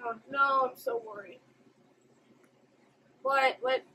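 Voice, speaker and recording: A high-pitched woman talks through an anime episode as she watches it, gasping and exclaiming at each turn. She records at home on a desktop mic. A faint room noise runs underneath. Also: slow pace, poor audio. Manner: expressive, exclaiming and gasping at the screen. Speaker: anime reaction host. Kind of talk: live reaction commentary.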